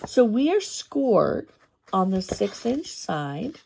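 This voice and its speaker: Woman craft host: heavy vocal fry, mellow tone, demonstrating step by step. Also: mid-range voice, sing-song, a little hiss or hum. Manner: step-by-step, unhurried, thinking aloud. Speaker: papercraft tutorial host.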